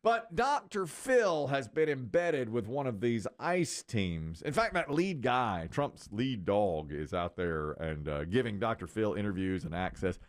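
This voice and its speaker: A man's voice: on the low side, sing-song, measured pace, hardly any pauses, no echo, clean studio sound. A middle-aged man hosting a morning radio show, chatting casually and telling stories. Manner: storytelling, acts out quotes in voices. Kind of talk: casual talk radio banter.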